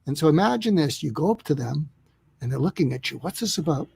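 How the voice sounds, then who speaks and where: A man's voice: fairly high pitch, lively intonation, fast, gravelly, dark tone, slightly rough, dry recording. A man speaking as an interview guest who explains ideas step by step in an earnest way, often acting out little dialogues. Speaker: guest expert on listening. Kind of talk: interview conversation.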